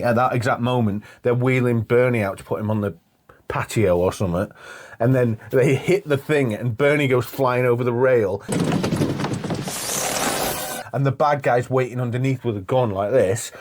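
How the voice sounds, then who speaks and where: A man co-hosting a podcast, telling stories in casual chat and acting out scenes. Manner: animated storyteller, acts out scenes in high voices. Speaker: podcast co-host.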